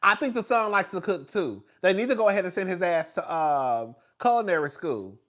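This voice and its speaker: Gossiping about reality TV, a young man keeps things casual and animated, peppering his talk with fillers and frequent quick laughs. Excitement sends his voice loud and high; he's a reality TV commentator.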